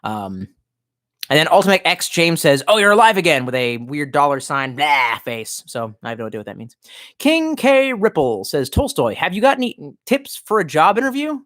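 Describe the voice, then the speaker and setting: A man's voice: fairly high pitch, sing-song, a little fast, fairly bright tone. Profane, rambling man with a swooping voice. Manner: profane, rambling, tipsy with vodka. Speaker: streamer reading live chat. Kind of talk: casual rambling livestream chat.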